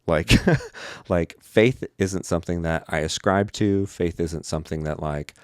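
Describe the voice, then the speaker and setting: A man's voice: deep voice, a little slow, smooth, dry recording, studio quality. A young adult man who works as a pastor, talking casually on a podcast, often slipping into quoted voices and leaning on the word "like". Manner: acts out quoted voices, fills speech with "like".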